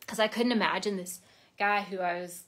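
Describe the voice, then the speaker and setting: A woman hosting a worship livestream, reading a devotional aloud and chatting casually, her voice soft and sometimes dropping to a whisper. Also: medium pitch, fairly even intonation, normal speed. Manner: soft-spoken, drops to whispers on phrase ends; chatty, reads viewer comments aloud. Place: home livestream.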